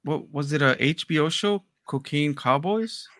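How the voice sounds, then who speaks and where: A man's voice: a little high, normal speed, a bit bright, no room sound. A man co-hosting a casual chat who switches easily between English and Spanish. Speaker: podcast co-host.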